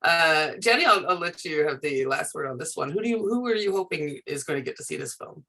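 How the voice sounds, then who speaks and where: Bright-voiced woman moderating a panel. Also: low-pitched, animated, vocal fry. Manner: encouraging, quick to laugh. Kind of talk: hosting a panel conversation. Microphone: video call.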